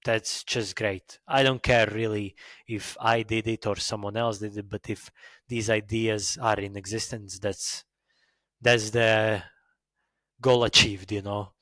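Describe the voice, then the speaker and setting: A man from Latvia with a Latvian accent, hosting a podcast in a halting, self-mocking casual monologue full of fillers. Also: fairly low pitch, little pitch movement, bright, forceful tone, no echo. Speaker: podcast host.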